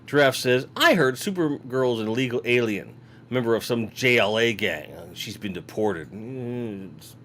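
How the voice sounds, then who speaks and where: Yawning as he goes, a man chats casually and rambles on his live toy-collecting stream, reading viewers' comments out loud from a home room lined with toy shelves. His mid-range voice is a bit bright, lively in intonation, at normal speed, over slight background noise.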